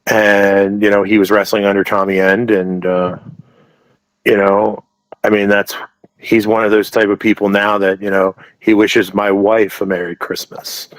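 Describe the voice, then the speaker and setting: Rambling low-voiced man telling stories. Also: little pitch movement, measured pace, no echo, rough recording. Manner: rambling, many restarts and "you know" asides. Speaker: wrestling promotion owner, interview guest. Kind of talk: casual interview storytelling.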